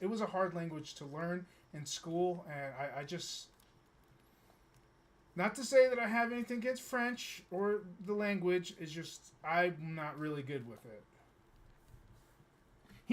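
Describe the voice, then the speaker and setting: High and a bit bright, the voice belongs to a young man from the US streaming a game. His casual chatter wanders, full of stumbling restarts and little laughs.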